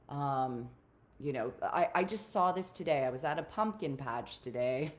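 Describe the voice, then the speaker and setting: A woman with a low-sitting voice, working as a relationship coach, speaks casually to her group on a live stream. She's earnest and encouraging and keeps repeating her main points.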